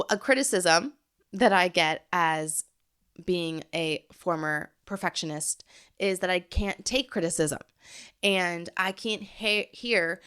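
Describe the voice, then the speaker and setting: A woman's voice: mid-range voice, a bit bright. A woman in her thirties hosting a solo podcast, speaking earnestly and encouragingly and addressing listeners directly. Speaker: podcast host. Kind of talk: heartfelt solo podcast talk.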